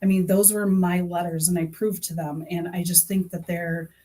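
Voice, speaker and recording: A woman's voice: lowish voice, flat delivery, normal speed, warm tone. A middle-aged woman making a true crime vlog, talking casually to camera in a rambling, earnest way, full of fillers and restarts. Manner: earnest and aggrieved.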